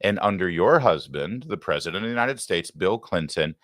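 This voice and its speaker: Deep-voiced, sarcastic male talk host. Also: expressive, a little fast, hardly any pauses, a bit bright, no room sound, studio quality. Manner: sarcastic, heated and combative. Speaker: political talk show host. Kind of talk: live political commentary.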